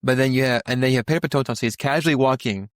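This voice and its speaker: A man's voice: mid-range voice, rapid-fire, dry recording, clean studio sound. A young man co-hosting a podcast, talking through a Bible passage in a casual, rambling way with many restarts and fillers. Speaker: podcast co-host.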